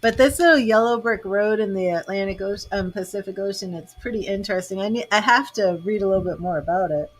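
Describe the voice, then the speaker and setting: A woman's voice: mid-range voice, quick pace, few pauses. Chatty middle-aged woman. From Boston, Massachusetts. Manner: chatty and rambling, laughs often. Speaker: tarot reader and psychic host. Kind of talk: casual livestream chat with viewers.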